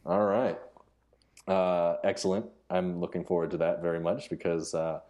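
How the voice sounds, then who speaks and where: Low, mellow-voiced man in casual chat. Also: flat delivery. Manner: halting, many restarts and fillers. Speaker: podcast co-host.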